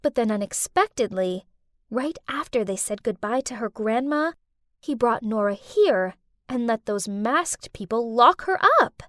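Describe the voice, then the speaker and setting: A young woman narrates an animated story in the first person, wide-eyed and lively. Her voice is high and swoops up and down with a lot of expression. The sound is dry and close. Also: measured pace, no room sound.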